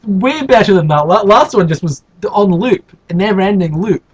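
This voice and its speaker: A man's voice: high voice, normal speed, breathy edge, low-quality recording. A man reading a children's story aloud and breaking off for sarcastic, rambling asides. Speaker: host reading a children's book.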